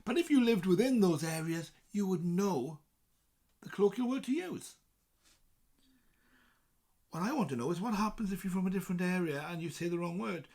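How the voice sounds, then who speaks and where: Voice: medium pitch, expressive, normal speed, pauses often, a little mellow. A presenter from South Wales with a South Welsh accent, explaining things in a chatty, casual way and reading points from a list with asides.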